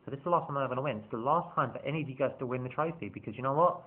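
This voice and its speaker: A man's voice: medium pitch, racing, lightly acted. A man doing a cocky football manager's pep talk. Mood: rallying. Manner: rallying, self-assured. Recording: tinny phone-like sound.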